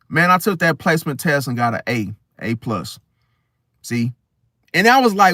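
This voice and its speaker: A young man talking casually to camera, telling a personal story in an animated, slangy way. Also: medium pitch, a little slow, long pauses, dry recording, studio quality. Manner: animated storytelling, slangy, swings loud and soft. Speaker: host.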